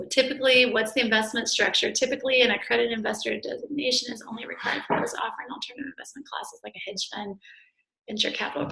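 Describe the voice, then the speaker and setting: Bright, effusive woman, webinar host reading out chat questions, slightly high voice, roomy echo. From Texas. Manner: bubbly, effusive, reads chat questions aloud. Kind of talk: live webinar Q&A.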